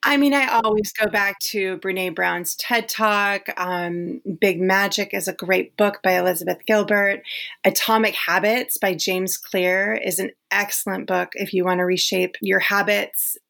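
A woman guest on a podcast, chatting warmly and effusively about creative work, often laughing. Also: medium pitch, steady tone, a little slow, creaky. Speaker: podcast guest, workshop leader and performer. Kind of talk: casual interview chat.

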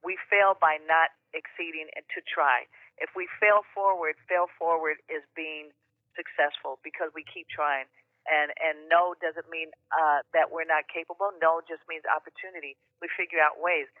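Brief: woman musician, phone interview guest, warm and excitable, thin phone-line sound. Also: low-pitched, normal speed, no echo. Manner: warm, enthusiastic, laughs often. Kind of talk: casual interview over the phone. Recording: tinny phone line, dry.

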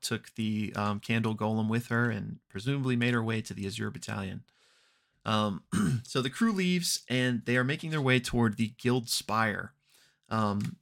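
A man hosting a podcast, casually recapping an actual-play episode with many ums and quick acted-out quotes. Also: lowish voice. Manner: relaxed, unhurried retelling with frequent ums and throat clearing; briefly acts out characters' lines in quoted voices.

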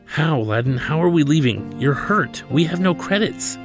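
A man reading the lines of a loyal female android, voicing her in a gentle, comforting way. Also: on the high side, lively intonation, normal speed, music in the background, pitched above the performer's own voice. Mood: worried.

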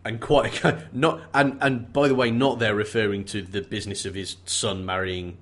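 Male co-host, husky and low, dry joker. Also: flat delivery, moderate pace, a bit bright. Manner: wry, joking, playful sarcasm. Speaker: podcast co-host. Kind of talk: casual chat about a mystery novel.

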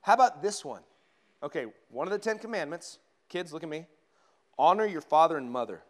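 A man's voice: a little high, animated, fairly quick. A male pastor from giving a conversational sermon in a church, with humorous asides to the congregation. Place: church sanctuary.

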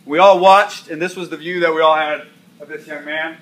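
A man's voice: fairly high pitch, fairly even intonation, moderate pace, a bit bright. A man preaching a sermon, telling a story and repeating key lines for emphasis. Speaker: pastor.

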